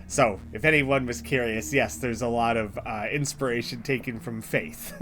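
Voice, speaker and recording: Man, let's play host, casual gameplay commentary, rambling, self-correcting, middle pitch, guitar music behind. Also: normal speed, hardly any pauses, fairly bright tone.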